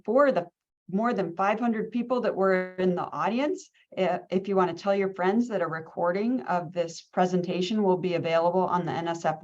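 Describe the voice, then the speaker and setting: A woman's voice: lowish voice, darkish tone, dull audio. A woman hosting a webinar and moderating its Q&A over a video call, friendly and loose, with many fillers.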